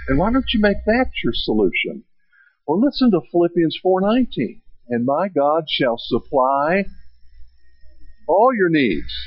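A male pastor delivers a sermon in a slightly high, husky voice. He swells with emphasis and stretches out his key phrases. The recording is close and dry with a dull, lo-fi tone. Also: dry recording.

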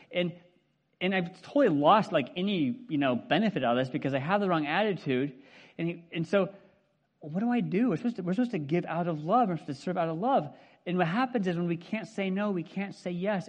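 Middle-aged man, pastor, talky sermon to a congregation, higher voice, dull lo-fi recording. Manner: chatty, asks the congregation questions, many fillers. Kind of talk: casual conversational sermon. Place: church hall with congregation.

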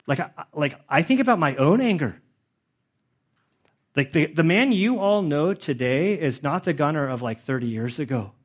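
A man's voice: on the high side, lively intonation, normal speed, husky. A middle-aged male pastor giving a conversational sermon, with frequent fillers, who grows emotional as he goes.

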